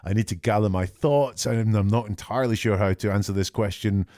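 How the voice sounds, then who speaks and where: Low voiced guy breaking down a call recording, calm and thoughtful, dry close sound. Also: no echo. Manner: measured, reflective, reads out quoted lines. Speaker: podcast host analyzing an emergency call. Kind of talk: analytical commentary.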